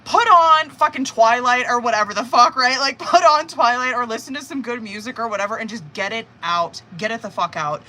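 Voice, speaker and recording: A woman's voice: a little high, a little fast, hardly any pauses. A woman doing a live tarot reading, chatting casually, swearing often and acting out her viewer's feelings. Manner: casual, swearing, animated, acts out the querent's thoughts. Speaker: tarot reader.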